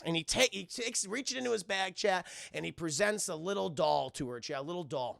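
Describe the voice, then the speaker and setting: A man's voice: sits high, animated, a little fast, creaky, hardly any pauses, a bit bright, no echo, studio quality. A man retelling a film on a live stream, rambling, profane and talking straight to his chat. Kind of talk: casual stream commentary.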